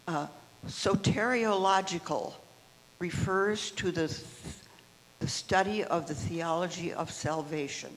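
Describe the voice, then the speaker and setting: High, gravelly man reading to a group. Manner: chatty, self-deprecating asides with many fillers. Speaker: poetry reading participant. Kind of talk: reading a poem aloud to a group. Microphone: handheld microphone passed around. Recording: reverberant hall.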